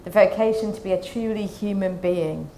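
Woman preaching a calm Lent sermon. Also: medium pitch, a little hiss or hum. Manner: calm, measured scripture reading and reflection.

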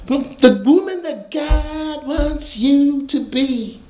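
A man voicing a fervent male street outreach worker in a put-on accent, pleading slowly and earnestly. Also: very high-pitched, a little mellow, soft background music, voice pushed up, full character voice. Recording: echoey room.

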